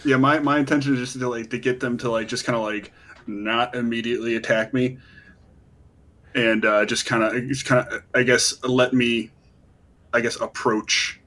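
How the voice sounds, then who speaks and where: A man's voice: mid-range voice, little pitch movement, normal speed, bright, forceful tone. Hesitant man playing a tabletop game. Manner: hesitant, rambling. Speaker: player. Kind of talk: casual tabletop game chat.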